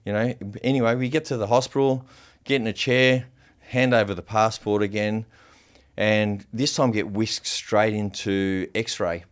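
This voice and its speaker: A man, a podcast guest, telling a personal story in a casual, animated way, swearing freely and using lots of fillers. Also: on the low side, a little slow, clear, resonant tone.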